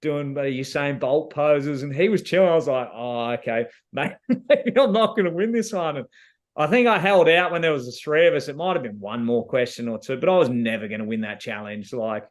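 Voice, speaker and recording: A man's voice: medium pitch, brisk, hardly any pauses. An Australian man answering interview questions as a reality show contestant, telling his story in a laid-back, slangy way with lots of fillers.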